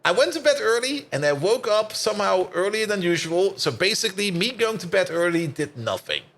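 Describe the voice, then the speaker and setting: A man's voice: sits high, very animated, a little fast, fairly bright tone. A tired man streaming a factory-building game, chatting and rambling as he plays, with frequent laughs and casual swearing. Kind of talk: casual gameplay commentary.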